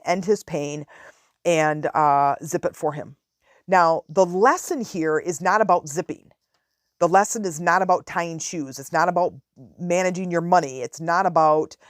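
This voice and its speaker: A middle-aged woman with a low voice hosts a podcast of casual advice, chatting and telling stories full of asides. The recording is studio quality with no room sound.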